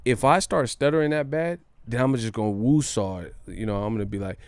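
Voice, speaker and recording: A man's voice: medium pitch, fairly quick, clear, resonant tone, no echo. A man hosting a casual commentary vlog on his channel, slangy and joking, laughing often. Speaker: boxing channel host.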